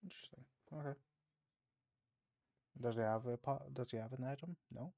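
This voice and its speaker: Gravelly young man double-checking details. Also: medium pitch, moderate pace, mellow, dry recording, clean studio sound. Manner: checking details, asks short questions. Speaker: player. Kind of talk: casual chat during a tabletop game.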